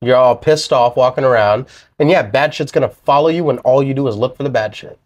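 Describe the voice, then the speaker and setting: A man's voice: mid-range voice, brisk. Blunt, profane young man co-host. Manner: blunt, profane, sarcastic arguing. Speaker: podcast co-host. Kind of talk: casual chat.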